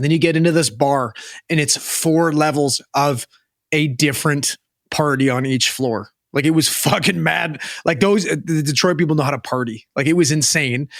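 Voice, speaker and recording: Young Western Canadian man, sweary casual storyteller, slightly raised pitch, dry close-mic podcast sound. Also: a bit bright, no room sound. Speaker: podcast co-host. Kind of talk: casual chat.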